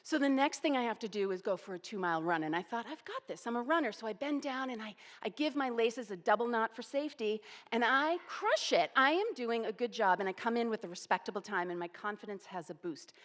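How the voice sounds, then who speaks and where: A woman in her forties telling a personal story, animated and self-deprecating. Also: fairly high pitch, brisk, few pauses, in a large hall. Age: 40s.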